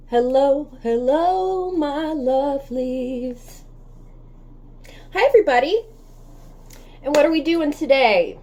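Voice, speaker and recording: Lively high-voiced bubbly woman host. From United States. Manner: bubbly, chatty, affectionate toward viewers. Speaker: reaction channel host. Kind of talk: casual chat to viewers.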